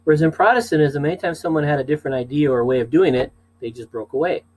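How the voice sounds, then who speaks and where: A man's voice: fairly high pitch, racing, darkish tone, low-quality recording. Chatty male teacher lecturing. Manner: chatty, asides and fillers, checks in with "okay?". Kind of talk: casual classroom lecture.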